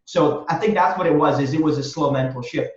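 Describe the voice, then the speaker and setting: A man talks earnestly and motivationally, leaning on repeated phrases to drive his point home. His voice sits a little high. He sounds set back from the mic in an echoey room, on a dull, lo-fi line. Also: brisk, darkish tone, far from the mic. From Romania. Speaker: guest, real estate wholesaler. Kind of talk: podcast interview answer.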